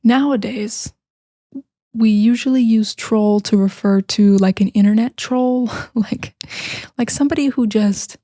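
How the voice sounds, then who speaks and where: A woman's voice: medium pitch, steady tone, unhurried, mellow, no echo, studio quality. An American woman, a native English speaker, telling fairy tales to learners in a chatty way with many fillers, sometimes dropping to a whisper. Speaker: English teacher. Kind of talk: casual storytelling for learners.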